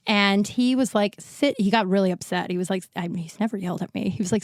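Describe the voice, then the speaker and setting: A woman in her thirties hosts a casual solo podcast on a new podcast mic, rambling frankly with many likes and restarts while recovering from illness and short of breath. Her mid-range voice is expressive and fast with few pauses, recorded dry with clean studio sound.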